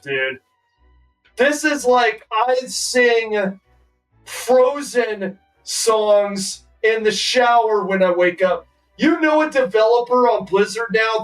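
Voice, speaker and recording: Slow, sarcastic, profane male streamer. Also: high voice. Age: 40s. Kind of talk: casual ranting stream commentary. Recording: distant mic with faint music.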